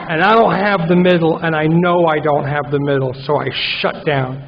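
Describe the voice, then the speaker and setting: A man's voice: on the high side, a little slow, some chatter behind, slight background noise. A man giving a wry recovery talk at a conference, telling a story and acting out his own inner voice. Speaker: AA conference speaker. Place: large conference hall. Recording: muffled conference hall recording.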